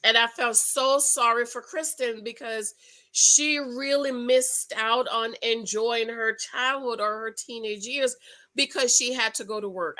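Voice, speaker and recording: A woman with a bright, forceful voice talks straight to her viewers in a casual commentary. She is expressive and emotional, jumping from loud excitement to quiet asides. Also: fairly high pitch, rough recording. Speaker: vlogger reviewing a reality show.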